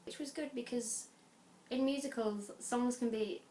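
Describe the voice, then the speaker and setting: A young woman from the North West of England with a Lancashire accent, talking to camera in an animated, chatty way, full of quick asides and restarts. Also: on the high side, reverberant, a little hiss or hum. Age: young adult. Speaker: vlogger. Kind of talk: casual chat.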